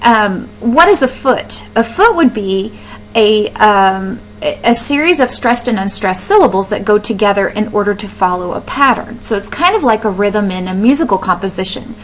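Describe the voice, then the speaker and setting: A woman's voice: mid-range voice, animated, normal speed, slight background noise, low-quality recording. Woman teacher explaining a lesson. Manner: explanatory, with fillers and self-corrections. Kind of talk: recorded classroom lesson.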